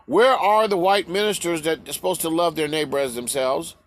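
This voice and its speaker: A man's voice: a little high, a little fast. A man ranting in a heated, profane vlog, firing rhetorical questions and stumbling over restarts. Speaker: vlogger. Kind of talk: ranting commentary to camera.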